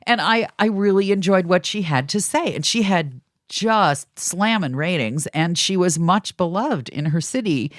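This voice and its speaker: A woman's voice: on the low side, animated, measured pace, hardly any pauses, no room sound, clean studio sound. A woman in her seventies, a talk radio host, telling stories in a casual interview with playful vocal impressions.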